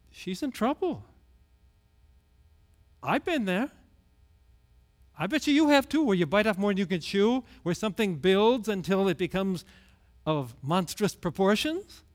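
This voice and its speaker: A middle-aged male pastor giving a conversational sermon, sinking to hushed low tones and rising to loud emphasis.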